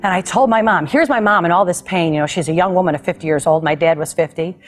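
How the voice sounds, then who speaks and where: A woman's voice: lowish voice, fast, faint music behind. Woman talk host telling a heartfelt story. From United States. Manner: animated, emotional storytelling with laughter. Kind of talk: personal storytelling to a guest.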